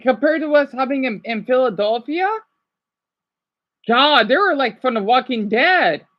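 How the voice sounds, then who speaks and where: A man in his thirties rambling through casual vlog commentary while riding in a vehicle. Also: very high voice. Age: 30s. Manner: rambling, chatty, self-correcting. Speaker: vlogger. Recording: dull, lo-fi recording.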